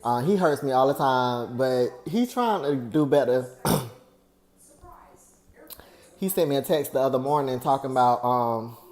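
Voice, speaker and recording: A man's voice: mid-range voice, unhurried, pauses often, a little mellow. A man, talking earnestly and at length to his viewers in a personal vlog, venting about a friend. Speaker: vlogger.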